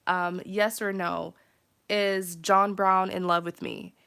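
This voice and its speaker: A woman's voice: medium pitch, flat delivery, slow, vocal fry, fairly bright tone, clear, resonant tone. Chatty nasal woman tarot streamer. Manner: chatty, many fillers, laughs often. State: congested from travel. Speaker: tarot reader hosting a live stream. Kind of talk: casual live-stream chat.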